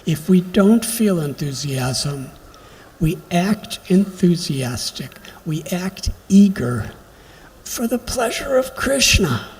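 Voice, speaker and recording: Slow-speaking man lecturing in a reverberant hall. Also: high-pitched, big pitch swings. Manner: slow, reflective storytelling with emphatic pauses. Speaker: spiritual lecturer. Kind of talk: devotional lecture. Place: temple hall during a pilgrimage. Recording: long hall reverb, faint background noise.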